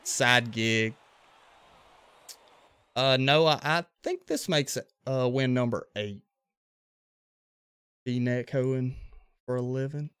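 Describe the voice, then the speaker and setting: A man's voice: medium pitch, slow pace, long pauses, clean tone, dry recording. A man from western Louisiana with a Louisiana accent, livestreaming a baseball video game, casually commenting on plays and chatting with viewers. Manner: relaxed, chatty, reacting to plays and greeting chat. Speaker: gaming livestreamer.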